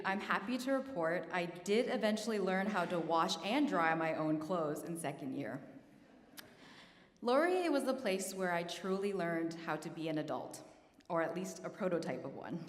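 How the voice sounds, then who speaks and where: A woman in her thirties speaks in a fairly low voice as she accepts an award. She is earnest and self-deprecating and holds back tears. The sound rings around a large, echoey hall with a long reverb tail. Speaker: award recipient giving acceptance speech. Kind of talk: prepared acceptance speech.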